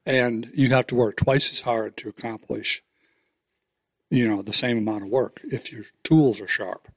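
A man's voice: medium pitch, normal speed, breathy edge, no echo. A man in a Bible class making an offhand, hesitant remark. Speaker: class member.

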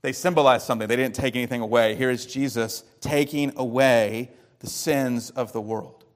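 A man, a pastor, preaching an expository sermon that teaches through the scripture and poses rhetorical questions, shifting his loudness and pace for emphasis. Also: mid-range voice, steady tone, moderate pace.

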